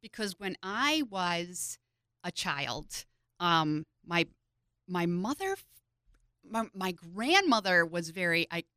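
A woman co-hosting a podcast, telling stories in a rambling, animated way. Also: lowish voice, takes it slowly, clear, resonant tone, no echo, clean studio sound. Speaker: podcast co-host. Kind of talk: casual chat.

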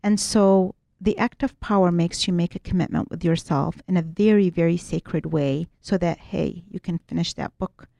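A woman's voice: fairly low pitch, fairly even intonation, normal speed, creaky, hardly any pauses, dark tone, no room sound. A woman being interviewed as a guest, explaining her teachings earnestly and often restarting her sentences. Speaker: guest, writer and spiritual workshop teacher.

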